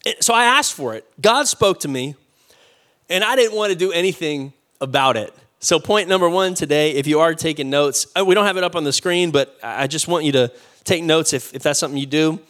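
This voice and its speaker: A man's voice: on the high side, a little fast, a bit bright. A man, preaching a sermon in a conversational storytelling way, with asides to the congregation. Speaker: pastor. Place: church sanctuary.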